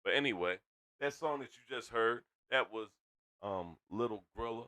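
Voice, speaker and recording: A man hosting a casual livestream, loud and hyped, swearing freely as he chats to viewers from a home streaming setup. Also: medium pitch, animated, normal speed. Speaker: stream host.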